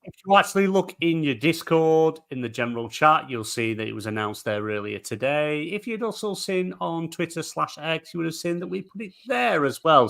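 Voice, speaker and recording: Brief: man with a slightly high voice, chatty teasing host, casual podcast banter. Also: lively intonation, normal speed, gravelly, fairly bright tone. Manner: chatty, teasing, talks over others. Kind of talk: casual chat.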